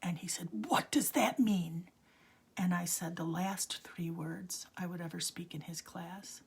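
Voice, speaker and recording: Husky older woman telling a hushed story. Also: lowish voice, level tone, normal speed. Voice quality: husky, gravelly. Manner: drops often into a hushed whisper. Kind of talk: personal storytelling.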